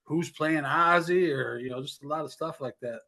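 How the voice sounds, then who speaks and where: Bright-voiced man, halting casual chat. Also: fairly high pitch. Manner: halting, hedging, many fillers. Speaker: podcast co-host.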